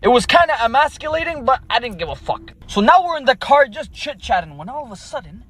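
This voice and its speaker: A man's voice: very high-pitched, big pitch swings, fast, fairly bright tone. A young man telling a dating story casually, bluntly and with swearing.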